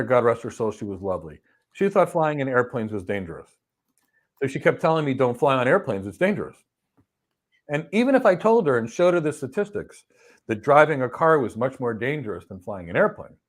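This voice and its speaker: A middle-aged man hosting a question and answer session, giving career advice and acting out little stories with quoted voices. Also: mid-range voice. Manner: animated storytelling, acts out quoted people. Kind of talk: live Q&A advice talk.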